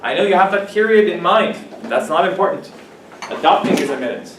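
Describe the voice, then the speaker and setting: Guy teaching english in a classroom, a bit high-ish voice, slow and patient, mic far off and echoey. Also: animated, noisy background. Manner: patient, drills example sentences, stresses words slowly.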